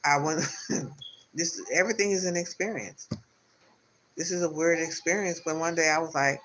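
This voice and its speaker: A man's voice: fairly high pitch, steady tone, moderate pace, pauses often, fairly bright tone, a little hiss or hum, low-quality recording. A man giving a spiritual tarot reading on a live stream, talking in loose, repetitive, encouraging circles. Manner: rambling, repetitive, spiritual pep talk. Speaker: tarot reader.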